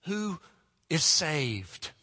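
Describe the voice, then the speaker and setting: Male preacher, bright and forceful tone, slightly higher voice, deliberate emphatic delivery with hushed prayerful drops, long church-hall reverb. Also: big pitch swings. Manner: earnest, slow and emphatic, dropping to hushed prayerful tones. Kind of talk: sermon.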